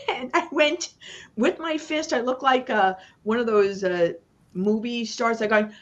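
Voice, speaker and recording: A woman business coach, appearing as a guest on a live online panel, delivers a motivational talk full of emphatic, chant-like repetition and dramatic pauses. Her voice is fairly high and fairly bright, with a sing-song lilt.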